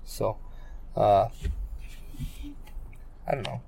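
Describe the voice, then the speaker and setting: A man's voice: lowish voice, level tone, drawn-out words, vocal fry, dark tone, husky. Rambling man co-hosting a podcast. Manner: rambling, lots of fillers and restarts. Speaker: podcast co-host. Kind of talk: casual wrestling podcast chat.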